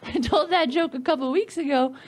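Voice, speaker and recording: A woman comedian doing a stand-up set of dark one-liners, giggling at her own jokes on a club stage mic. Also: sits high, a little fast. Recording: live club set with audience laughter and noise.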